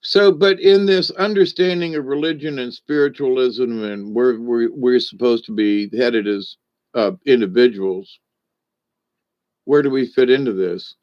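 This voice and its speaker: A man talks about faith and trials in a folksy, rambling way, full of fillers. He speaks slowly and unhurriedly. The recording sounds dull and lo-fi. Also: medium pitch. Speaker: speaker on spiritual lessons. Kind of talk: rambling storytelling and reflection.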